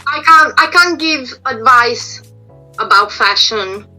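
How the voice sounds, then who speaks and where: A woman's voice: on the high side, expressive, takes it slowly, bright, forceful tone, faint music behind, low-quality recording. A middle-aged woman, a makeup and prosthetic artist, giving frank, explanatory advice in an interview over a video call, her voice a bit strained as she is losing it. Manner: explanatory, frank, restarts phrases. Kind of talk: casual interview answers.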